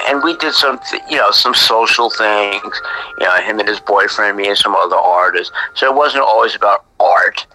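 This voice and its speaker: Middle-aged guy rambling thru old stories, low voice, keeps dropping to a whisper, bright edge. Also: no echo, low-quality recording. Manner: chatty, often drops to a breathy whisper. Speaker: graffiti artist. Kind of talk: casual storytelling interview.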